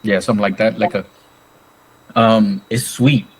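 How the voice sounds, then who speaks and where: A man's voice: on the low side, steady tone, moderate pace, breathy edge, poor audio. Easygoing male podcast co-host. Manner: easygoing, enthusiastic slang. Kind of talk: casual chat.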